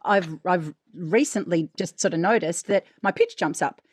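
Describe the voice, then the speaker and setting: An Australian woman with a naturally low, slightly husky voice talks in a candid, animated podcast chat. She swears now and then. The sound is dry and close, with no room around it. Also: normal speed, no room sound. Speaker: podcast co-host. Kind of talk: casual chat.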